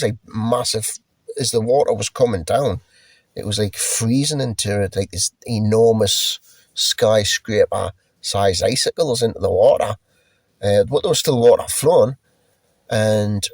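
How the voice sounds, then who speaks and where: Gravelly rambling man reminiscing. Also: lowish voice, a little mellow, dry recording. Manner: rambling and loose, swears freely, many restarts. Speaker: storyteller recalling a past journey. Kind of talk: casual spoken recollection.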